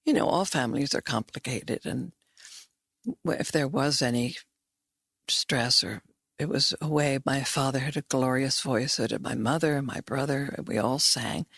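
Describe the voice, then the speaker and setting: Older woman, gravelly and dry. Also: very deep voice, normal speed, dry recording. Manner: playful and wandering, with many restarts. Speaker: guest. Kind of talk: casual chat.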